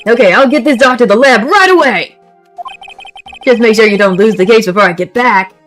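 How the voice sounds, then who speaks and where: A woman's voice: a little high, brisk, a bit bright, faint music behind, natural voice. A woman reading an eager, cheery male detective from a courtroom game.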